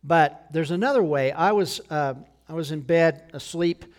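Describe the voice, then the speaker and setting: A man's voice: on the high side, normal speed. A middle-aged man, a pastor, preaching a sermon in a conversational way, often checking in with his listeners. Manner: conversational preaching with frequent "okay?" check-ins.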